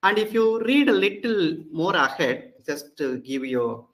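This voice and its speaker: A man with an Indian English accent lectures at an unhurried pace, sounding out each Hebrew word before explaining it. His voice sits a little high and comes across bright and forceful. He restarts his sentences often as he works through the text. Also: big pitch swings, rough recording. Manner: frequent fillers and restarts. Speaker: Hebrew instructor. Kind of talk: classroom lecture.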